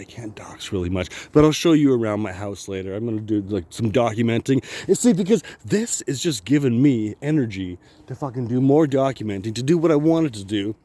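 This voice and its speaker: A man's voice: mid-range voice, darkish tone. A man vlogging a rambling personal story, swearing constantly, laughing often and restarting his sentences.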